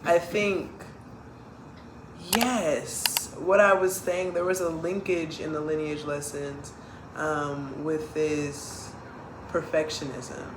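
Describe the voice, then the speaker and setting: A young woman from the Bay Area, co-hosting a casual family podcast and growing loud and animated when telling stories. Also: low-pitched, slow. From San Francisco Bay Area. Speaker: podcast co-host. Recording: echoey room, faint background hiss.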